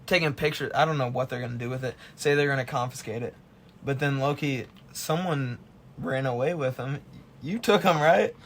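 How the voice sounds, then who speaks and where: A man's voice: medium pitch, moderate pace, fairly bright tone. A young man co-hosting a podcast, chatting casually and laid-back as he recalls a night in the dorms. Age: young adult. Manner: laid-back, prompting questions. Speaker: podcast co-host. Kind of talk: casual chat.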